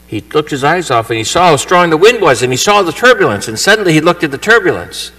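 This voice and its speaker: A man's voice: on the high side, big pitch swings, fast talker, fairly bright tone. A male priest giving a homily at Mass in a church, telling the story conversationally and acting out the characters' lines with energy. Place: church shrine. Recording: voice from far off the mic.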